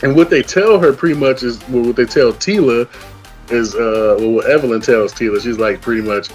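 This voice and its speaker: A man's voice: mid-range voice, fairly quick, a little mellow, soft background music. A man co-reviewing a show in casual chat, ranting with lots of profanity and acting out characters' lines as he retells the plot. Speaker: co-reviewer guest.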